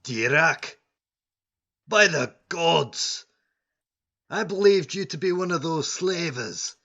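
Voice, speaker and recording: A man voicing a jovial male dwarf guard who shouts from a wall and then greets an old friend heartily. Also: a little high, lively intonation, takes it slowly, voice pushed up, exaggerated voice. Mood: relieved. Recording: dull lo-fi sound.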